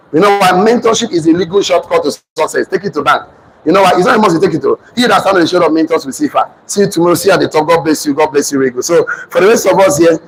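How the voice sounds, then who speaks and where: A man with a Nigerian accent giving a loud, fervent motivational speech to a live audience, repeating phrases like a preacher. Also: a little high, slight background noise, low-quality recording. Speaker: motivational speaker and business trainer. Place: training hall with a live audience.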